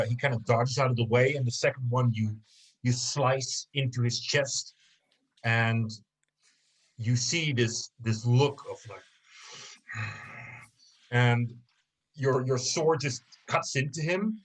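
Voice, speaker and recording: A man narrating a tabletop game as game master, pausing often with ums and restarts. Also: mid-range voice, breathy edge, low-quality recording. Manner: hesitant, many ums and restarts.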